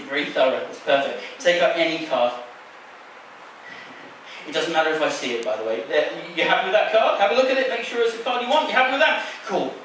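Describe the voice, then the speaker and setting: With a fairly high, expressive, slightly bright voice, a man performs a card trick on stage and teases his volunteer with playful patter, speaking a little fast. The recording from the large theater is echoey and distant, with a little hiss or hum.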